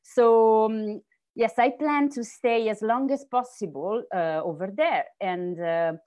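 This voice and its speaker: A woman's voice: on the high side, slow, darkish tone. A woman from Puglia with an Italian accent, talking as a guest on a podcast with many fillers. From Puglia, Italy. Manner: chatty, with frequent fillers. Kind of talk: casual interview conversation.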